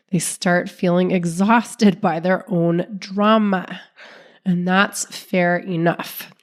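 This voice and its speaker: A woman relationship coach hosting her own podcast, talking calmly and steadily while sick, her voice sounding off from illness. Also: medium pitch. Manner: calm, steady, non-judgmental explaining. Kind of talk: solo podcast talk.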